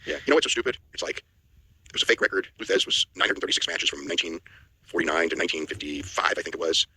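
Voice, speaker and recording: A man co-hosting a wrestling news show, giving blunt opinions in a casual chat, with a husky voice. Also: sits low, animated, sharp tone, dry recording, poor audio. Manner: fast opinionated talk with restarts.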